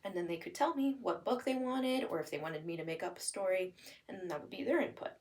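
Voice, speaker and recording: A woman's voice: lowish voice, a little fast. Young adult female instructor, plain explanatory delivery with playful child-directed demos, slightly distant mic. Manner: explains plainly, then acts out lively sing-song examples for a child. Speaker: demonstrator of listening and spoken language strategies. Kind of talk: instructional explanation with acted parent-child examples.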